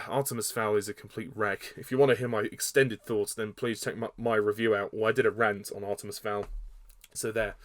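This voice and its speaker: Casting note: male film reviewer, mid-pitch, blunt and halting, dry close sound. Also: fairly bright tone, dry recording. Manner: blunt, hesitant with fillers and repeats, laughs at own jabs. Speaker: movie reviewer. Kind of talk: casual spoken film review.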